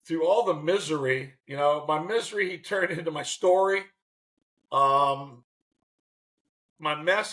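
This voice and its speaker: Animated older man telling stories. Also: on the high side, low-quality recording. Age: 60s. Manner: animated, acts out quotes. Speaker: guest, former baseball manager. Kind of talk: interview storytelling.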